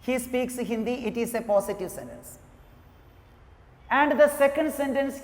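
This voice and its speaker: A woman teaching an English grammar lesson, talking slowly, repeating each example and saying "you know" often. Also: on the high side. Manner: slow, repetitive, says "you know" often. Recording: echoey room with long reverb.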